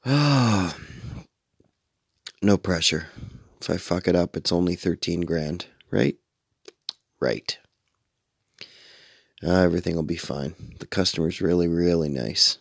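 Deep, gravelly, tired male radio host. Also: fairly even intonation, measured pace, pauses often, no room sound, studio quality. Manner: tired, meandering, swears casually. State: sleepy, yawning. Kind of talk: late-night rambling radio monologue.

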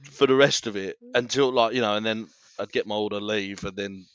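A man's voice: on the low side, fairly quick, clear, resonant tone, dry recording, dull audio. A man, a podcast co-host joking and swearing in casual chat. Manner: lively, sweary, jokey reactions.

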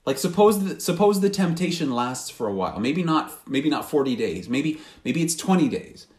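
A man's voice: fairly high pitch, very animated, normal speed, a little mellow. A man preaching a sermon as pastor, earnest and questioning, often restarting his sentences. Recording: roomy hall.

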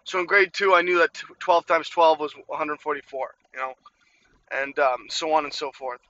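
A man's voice: on the high side, fairly even intonation, moderate pace, pushed and bright, muffled recording. A man from Ukraine telling a childhood story in a candid, rambling way, full of "you know" and "like". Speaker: storyteller sharing a childhood memory. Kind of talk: casual personal storytelling.

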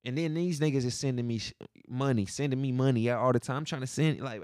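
A man hosting a casual podcast. He rants about his city and pitches himself as a real estate agent, in a profane, slangy and emphatic way. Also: fast, hardly any pauses, a little mellow, dry recording, studio quality.

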